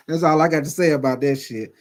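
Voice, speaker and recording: Man, high-pitched, cursing and animated, casual sports commentary. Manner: profane, animated and emphatic. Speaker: sports talk host.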